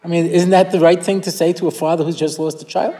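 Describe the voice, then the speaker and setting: Male lecturer, high voice, long hall reverb, storytelling teacher. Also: little pitch movement, fast talker, mellow. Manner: storyteller who acts out quoted voices, with frequent restarts. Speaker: rabbi giving a weekly Torah class. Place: hall with a live audience.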